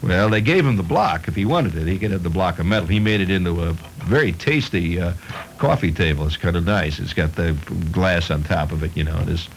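A man's voice: deep voice, expressive, a little fast, slight background noise, rough recording. A middle-aged man hosting a radio show, reading odd news stories aloud and spinning them into playful comic tales. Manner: playful storytelling with chuckles. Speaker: radio host.

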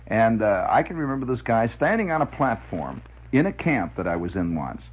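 Man with a husky voice, lively pitch, and a chuckling, rambling storytelling style full of "uh"s, on a dull old radio recording. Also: moderate pace. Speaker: radio monologist.

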